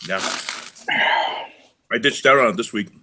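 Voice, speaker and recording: A man's voice: mid-range voice, measured pace, background noise. A young man co-hosting a casual live show, joking and rambling through a work story. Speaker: co-host. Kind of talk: casual podcast chat.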